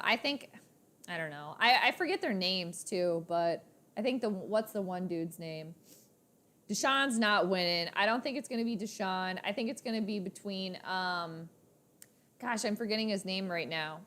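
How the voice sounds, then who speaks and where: A woman's voice: medium pitch, fairly bright tone. A young woman hosting a live sports reaction stream, chatting in a rambling, playful way. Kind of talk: casual live-stream chat.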